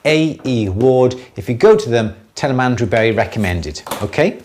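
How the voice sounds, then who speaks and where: A man's voice: medium pitch, expressive, moderate pace, darkish tone. A man, co-hosting a casual live jewellery Q&A and recommending suppliers in a chatty, friendly way. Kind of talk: casual live-stream chat.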